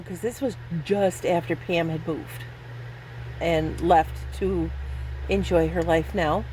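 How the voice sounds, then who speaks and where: A woman in her fifties drifts through memories at an unhurried pace, laughing at herself as she loses count. The tone is casual and self-deprecating, and a faint background hum sits under her voice. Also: fairly low pitch, a little mellow, rough recording. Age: 50s. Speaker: vlogger. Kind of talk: casual storytelling vlog.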